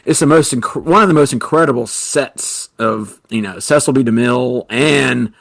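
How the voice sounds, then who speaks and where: This podcast co-host chats casually and rambles, packing his talk with "you know" fillers. He has a gravelly, fairly bright medium-pitched voice at a normal speed, recorded with no room sound.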